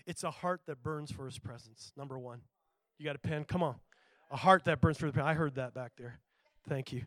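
A male pastor preaching a sermon, acting out the people in the story and swinging from soft asides to loud peaks. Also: high voice, no echo. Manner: acts out voices of people in the story.

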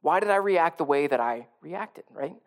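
A man's voice: on the high side, lively intonation, moderate pace. A male pastor preaching a sermon in a conversational way, often repeating and restarting phrases and building to emphatic peaks.

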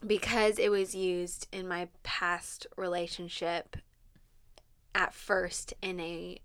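A woman's voice: on the low side, slow, clean tone, no room sound. Emotional, laughing young woman. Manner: emotional, laughs often, animated when retelling. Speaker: podcast co-host. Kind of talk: candid conversation.

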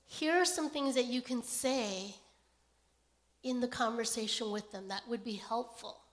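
A woman preaching a sermon in a gentle, unhurried way, often pausing to check in with "okay?". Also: a little high. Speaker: pastor.

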